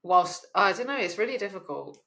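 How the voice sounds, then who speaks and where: A young woman co-hosting a casual podcast chat, relaxed with playful asides. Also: medium pitch, fairly quick. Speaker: podcast co-host.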